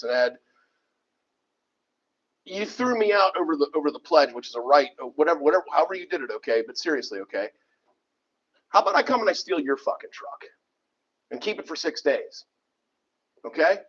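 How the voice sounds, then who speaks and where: A man's voice: on the high side, husky. A man speaking angrily and profanely during public comment at a township meeting, tagging his points with "okay?". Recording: dull lo-fi meeting recording.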